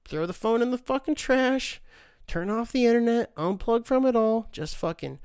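A man's voice: very high voice, lively intonation, moderate pace, darkish tone, clean tone, dry recording, studio quality. A young man hosting a podcast, ranting casually with lots of swearing and sarcastic mock voices. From United States. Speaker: podcast host. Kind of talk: casual solo rant.

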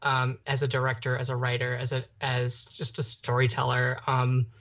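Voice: mid-range voice, monotone, moderate pace, fairly bright tone. A young adult podcast co-host talking casually about a film, rambling with lots of fillers and restarts. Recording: dull lo-fi podcast audio.

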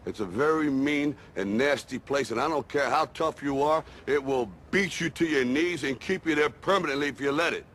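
A gritty aging boxer, as a man plays him, lays down hard truths in a slangy, rough-edged way. His voice sits high for a man, and faint background hiss runs under the film monologue. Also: moderate pace, few pauses, natural voice. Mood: stern. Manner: gritty, slangy, building to forceful. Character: aging male boxer giving a gruff pep talk.

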